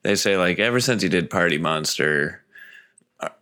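Male co-host, low and bright-toned, playful riffing. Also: animated, normal speed. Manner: giggly, jumps in with silly additions. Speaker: podcast co-host. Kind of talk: casual comedic riffing.

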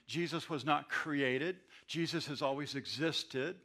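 A male pastor preaching with a bright, gravelly voice. He moves between loud, emphatic declarations and hushed asides to his congregation. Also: medium pitch, moderate pace, few pauses. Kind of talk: sermon. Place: church.

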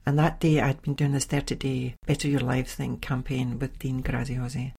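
A middle-aged woman hosting a podcast, telling a personal story in a chatty, animated way. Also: rumbling low, normal speed, creaky, husky. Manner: chatty, animated, with sighs and laughs. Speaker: podcast host. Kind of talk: casual storytelling monologue.

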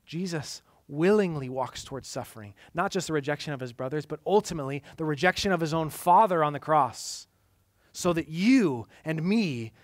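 A man preaching a sermon, swinging from loud, emphatic lines to hushed, quiet passages. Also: fairly high pitch, lively intonation, moderate pace, no echo. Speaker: pastor.

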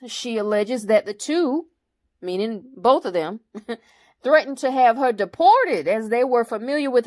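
A woman hosting her own commentary channel, reading news articles aloud and breaking off into blunt, profane opinions. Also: a little high.

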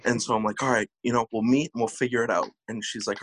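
A young man spins a rambling, profane story among friends. His voice is husky, pitched in an ordinary middle range, and he keeps laughing as he talks. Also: fairly even intonation, quick pace, low-quality recording. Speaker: podcast host. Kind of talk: casual storytelling chat.

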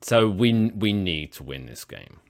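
English podcast co-host, deep but lively, calm teasing, keeps the faith. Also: male voice, unhurried. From England. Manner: teasing, calmly optimistic, enjoys his friend's frustration. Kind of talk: casual podcast chat.

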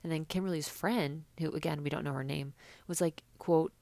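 A woman's voice: low-pitched, fairly even intonation, normal speed, vocal fry, a little mellow, no echo. A young woman chatting casually and sarcastically as a podcast host, with many fillers. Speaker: podcast host recapping reality TV. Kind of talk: casual chat.

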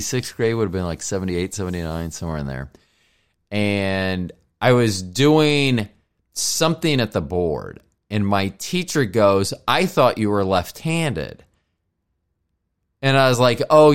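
A man's voice: fairly low pitch, clean tone. A man in his fifties hosting a podcast as a solo monologue, rambling from thought to thought, swearing casually, and joking at his own expense. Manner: rambling, profane, self-mocking. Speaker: podcast host.

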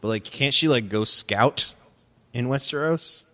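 A man's voice: medium pitch, measured pace, bright, forceful tone. A man co-hosting a casual podcast discussion, thoughtful and often correcting himself mid-sentence. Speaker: podcast co-host.

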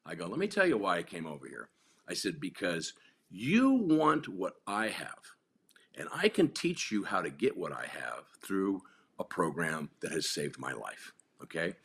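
A man speaks in a deep, slightly husky voice. He tells his story in a blunt, profane way, with plenty of restarts. He plays out each exchange with rising force. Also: very animated, normal speed, a bit bright. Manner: blunt, profane, acts out quotes with rising intensity. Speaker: podcast guest. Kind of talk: storytelling in casual interview.

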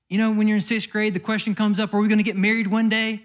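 A pastor with a high voice and flat delivery preaches a sermon very fast with hardly any pauses. He tells stories in a loose, conversational way, acting out the people in them with quoted lines.

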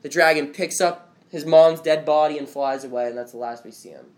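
A man's voice: fairly high pitch, fairly quick. A young man chatting casually at home, rambling with lots of "like" as he recaps a show. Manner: rambling, heavy use of "like". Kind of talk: casual chat. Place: at home with friends and family.

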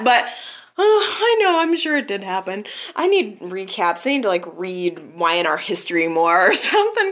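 Woman podcaster, higher voice, bright tone, chatty and animated recap. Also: moderate pace. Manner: animated, talks straight to listeners. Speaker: soap opera recap podcast host.

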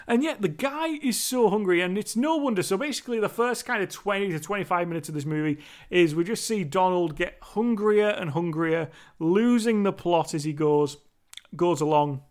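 A man's voice: sits high, a bit bright. A young man casually reviewing a movie, rambling, laughing and mimicking lines from the film.

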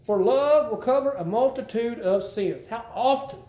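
A preacher gives a conversational sermon, repeating phrases and posing questions to his congregation. His voice is high for a man with a dark tone, delivered at a moderate pace amid the roomy echo of a church hall.

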